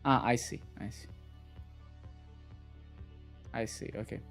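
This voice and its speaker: A man's voice: on the low side, slow, vocal fry, soft background music. A man live coding on a stream, thinking aloud as he works and swearing at the code when it breaks. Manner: muttering to himself, swearing in frustration.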